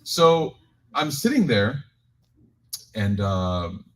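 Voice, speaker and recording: A man's voice: fairly low pitch, a little fast, slight background noise. A man leading a Quran reflection for a community group, giving a casual religious talk full of jokes and personal stories that he tells straight to his listeners. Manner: animated, joking storyteller, addresses audience directly. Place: community gathering, live-streamed.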